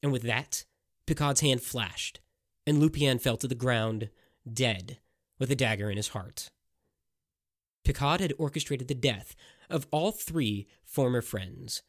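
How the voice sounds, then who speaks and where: A man narrating a dramatic historical tale in an expressive storytelling manner. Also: mid-range voice, unhurried.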